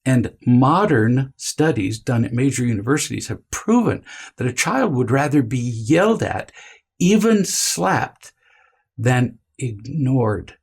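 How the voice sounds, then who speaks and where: Gravelly husky guy lecturing parents, slow emphatic delivery, acts out whiny kids sometimes. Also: mid-range voice, big pitch swings. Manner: deliberate, emphatic, puts on whiny child voices in quotes. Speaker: parenting teacher.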